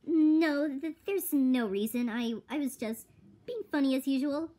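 A woman's voice: high voice, a little slow, mellow. Woman voicing a flustered nervous bird girl. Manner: flustered, stammering. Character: nervous, secretive female bird. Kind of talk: fan-made cartoon voice acting.

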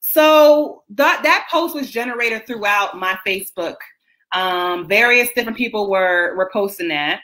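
A woman's voice: medium pitch, lively intonation, unhurried, bright, forceful tone. A woman hosting a casual livestream chat over a video call, chatty and explaining as she tells stories. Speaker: host.

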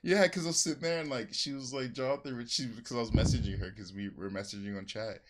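A man's voice: mid-range voice, steady tone, quick pace. A young man hosting a gaming stream, rambling through stories and swearing freely in casual chat. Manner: rambling storyteller, swears a lot. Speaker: streamer host. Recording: loud background noise.

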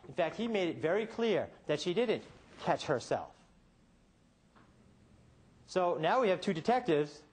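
A man's voice: high voice, big pitch swings, slightly rough. Man arguing a courtroom closing, rhetorical. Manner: rhetorical questions, dramatic pauses, swings between quiet and emphatic. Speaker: defense attorney.

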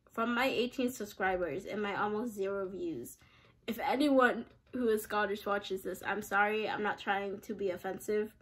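Chatty husky woman playing a game. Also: medium pitch. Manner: chatty, giggly, self-deprecating. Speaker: game streamer. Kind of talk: casual gaming commentary.

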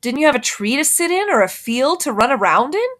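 A woman's voice: high voice, sing-song, a little fast, a bit bright, pitched above the performer's own voice. A woman reading the part of a curious, friendly country boy, who speaks eagerly and asks lots of questions.

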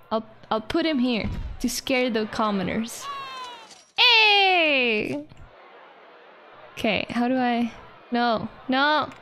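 Young woman streamer, high voice, talks slow, swears and laughs a lot playing a park game. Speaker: vtuber streamer. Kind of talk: casual gameplay commentary.

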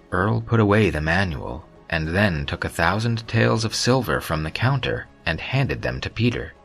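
A man narrating an audiobook story in a steady, even storytelling manner. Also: deep voice, normal speed, creaky, few pauses. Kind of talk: scripted narration. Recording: soft background music.

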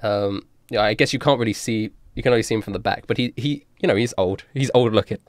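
A man narrating a tabletop game as game master, slow and full of fillers. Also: fairly low pitch, dry recording, clean studio sound. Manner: slow, filler-heavy, chuckling.

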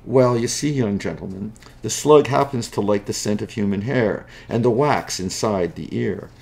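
A man's voice: lowish voice, moderate pace, vocal fry, a little mellow. A man voicing a sly, scheming male slug seller who talks in an oily, wheedling, folksy way in a spoken storybook.

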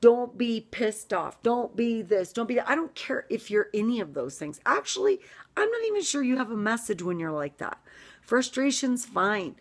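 A woman's voice: on the high side, big pitch swings, normal speed. Fired-up middle-aged American woman, ranting vlogger, emphatic, voice swoops up and down. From United States. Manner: fired-up, emphatic, jumps between loud and hushed. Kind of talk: ranting vlog monologue.

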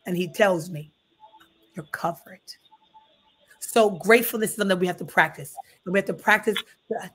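A woman's voice: mid-range voice, fairly bright tone. A middle-aged woman pastor preaching at a Bible study in a folksy, emphatic way, often calling listeners honey.

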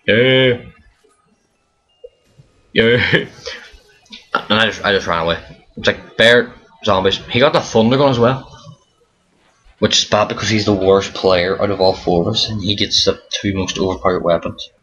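A man's voice: on the low side, moderate pace, long pauses, a bit bright, breathy edge. A tired young man giving rambling casual commentary over a zombie game, often restarting his sentences. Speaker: gaming commentator. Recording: dull lo-fi mic with faint hiss.

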